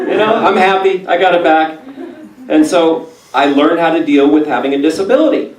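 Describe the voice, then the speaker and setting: A man doing a crude stand-up comedy set, telling stories deadpan and jumping into high voices for the people he quotes. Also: normal speed, background noise. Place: theater stage before a live audience. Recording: roomy live room, mic at a distance, loud crowd laughter. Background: audience laughing.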